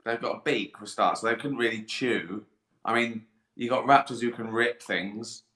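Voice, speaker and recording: Bright-voiced man rambling jokily. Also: mid-range voice, normal speed, reverberant. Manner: rambling, jokey, laughs at own jokes. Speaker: livestream host answering viewer questions. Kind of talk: casual live chat.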